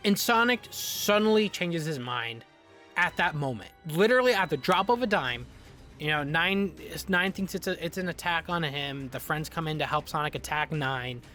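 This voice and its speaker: A man's voice: on the high side, normal speed, soft background music. Exasperated man ranting in a review. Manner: exasperated, ranting, swears freely; animated, frequent restarts and repetitions. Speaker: video reviewer. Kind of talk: casual review commentary.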